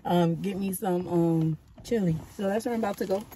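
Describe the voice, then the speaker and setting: A woman's voice: on the low side, fairly quick, background noise. A young woman vlogging at home while sick and losing her voice, chatting and laughing with her viewers. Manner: chatty, laughs often, talks straight to viewers. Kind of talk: casual chat to camera. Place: at home indoors.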